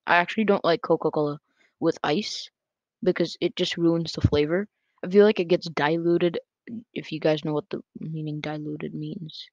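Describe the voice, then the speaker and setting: Gravelly lo-fi gaming commentator. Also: medium pitch, no echo. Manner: chatty, excitable, quick self-corrections. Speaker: gaming YouTuber. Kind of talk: casual gameplay commentary. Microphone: close desk mic picking up breath. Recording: dull lo-fi dry sound.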